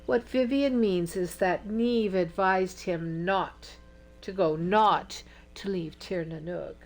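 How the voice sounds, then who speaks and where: A woman's voice: on the low side, slow, a little mellow. A woman narrator voicing a genteel Southern woman who speaks in a soothing drawl.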